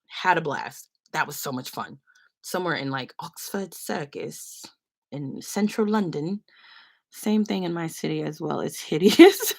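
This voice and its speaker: A young woman from San Francisco, chatting and rambling through a story on a livestream, full of fillers. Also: lowish voice. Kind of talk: casual storytelling chat.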